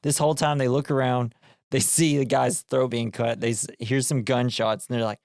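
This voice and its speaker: A man's voice: mid-range voice, level tone, moderate pace, darkish tone, no echo, clean studio sound. A man co-hosting a podcast, recapping a movie in casual chat, rambling with lots of fillers and frequent laughs. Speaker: podcast co-host.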